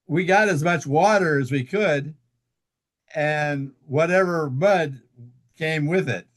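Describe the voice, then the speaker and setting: A man telling a long personal story as an interview guest, halting, with many fillers and restarts. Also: on the high side. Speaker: guest author.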